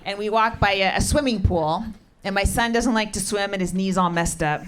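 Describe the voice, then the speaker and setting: A middle-aged woman doing stand-up comedy with crowd work, deadpan, sardonic and profane. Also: medium pitch, moderate pace, slight background noise. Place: comedy club stage. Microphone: handheld stage mic. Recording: live club recording with crowd. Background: laughing audience.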